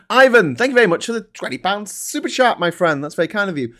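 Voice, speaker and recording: A man's voice: high-pitched, sing-song, fast talker, hardly any pauses, fairly bright tone. A man with a Scouse accent hosting a political livestream, reading chat and ranting with plenty of swearing. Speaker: live stream host.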